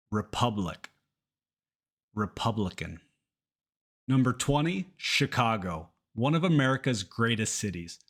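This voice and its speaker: Guy from teaching english pronunciation, really slow and careful, says each word over a couple times, mid pitch. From Kentucky, United States. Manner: slow, careful modeling of words, repeating them for learners to copy. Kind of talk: pronunciation lesson.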